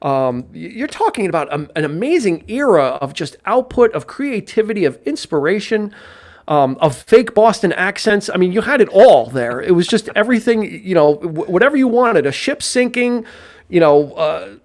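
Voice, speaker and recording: A man's voice: high voice, sing-song, normal speed. A man co-hosting a live-streamed film podcast, chatting casually in a rambling way with many restarts and playful jokes. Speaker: podcast co-host. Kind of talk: casual live-stream chat about films.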